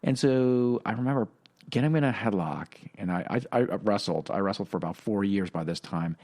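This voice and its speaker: A middle-aged man hosting a podcast, telling a personal story in a halting, reflective way with many fillers and restarts. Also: fairly low pitch, a little mellow. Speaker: podcast host.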